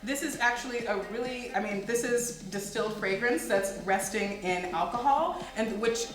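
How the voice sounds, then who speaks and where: A woman's voice: fairly high pitch, normal speed, music in the background. A woman hosting a kids' science livestream, explaining with upbeat enthusiasm. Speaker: host. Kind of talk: kids' educational livestream chat. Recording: echoey room.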